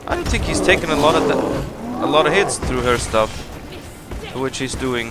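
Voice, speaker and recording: A man's voice: on the high side, animated, normal speed, over loud music. Chatty man narrating his gameplay. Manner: chatty, rambling, laughs at himself. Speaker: gameplay commentator. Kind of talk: casual let's play commentary.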